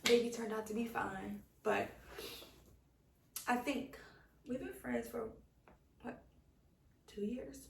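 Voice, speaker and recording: Chatty podcast co-host, gravelly voice, animated storyteller; echoey room, distant mic. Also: female voice, fairly high pitch, takes it slowly, long pauses, slight background noise. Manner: animated storytelling, acts out quotes. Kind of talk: casual chat, personal story.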